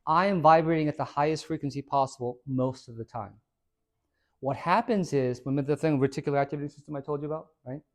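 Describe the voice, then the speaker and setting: A middle-aged man with a voice a little higher than most gives an upbeat fitness talk to a small audience. He tells lively anecdotes, switches voices for the people in his stories, and plays up the jokes. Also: fast talker. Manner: animated storyteller acting out dialogue, jokey. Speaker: fitness coach and speaker. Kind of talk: motivational talk to a small group. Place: hair salon, indoors.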